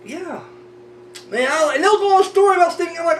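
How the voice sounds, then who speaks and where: A man's voice: very high voice, fast talker. Guy ranting on his horror show, cussing, lots of restarts, sounds far off w/ a faint hum. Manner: rambling, profane, frequent restarts. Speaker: horror review show host. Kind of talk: casual ranting chat. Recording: roomy distant mic with faint hum.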